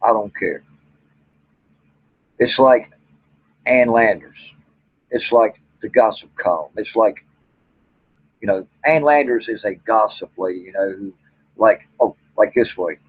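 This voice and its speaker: A man's voice: lowish voice, a little slow, long pauses, slightly rough, no room sound. A man, a vlogger and Bigfoot researcher, ranting bluntly and angrily to camera with plenty of profanity. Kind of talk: angry rant to camera. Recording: tinny phone-like audio.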